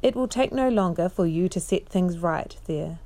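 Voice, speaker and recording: Woman reading aloud as a calm, kingly lion: slow, quiet, grave, mellow tone. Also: fairly low pitch. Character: great wise male lion, calm and kingly.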